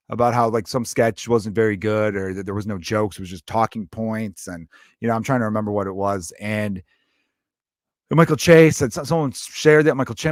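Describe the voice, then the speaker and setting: A man's voice: medium pitch, no room sound. Man, young adult, podcast host, rambling, profane, jokey, dry close sound. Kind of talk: casual solo podcast talk.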